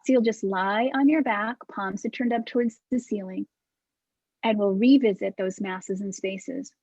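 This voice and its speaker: A woman instructor calmly guiding a movement class over a video call, demonstrating breaths. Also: medium pitch, moderate pace, no echo, muffled recording. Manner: calm, soft-spoken cueing with breathy demonstrations.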